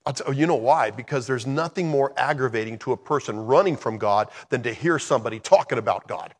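Male pastor, mid-pitched voice, passionate conversational sermon delivery. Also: brisk, long reverb tail.

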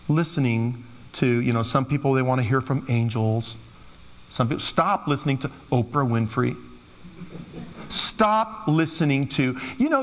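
A man's voice: on the high side, fairly bright tone. A man preaching a sermon in a loose, conversational way, slipping into playful quoted asides. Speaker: pastor. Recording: long hall reverb.

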